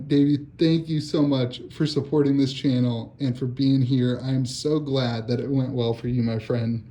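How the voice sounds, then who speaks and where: A man hosting a card-opening vlog at his kitchen table, excitable and laughing as he talks. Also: mid-range voice, moderate pace, hardly any pauses. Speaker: card channel host. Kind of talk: casual box-opening vlog.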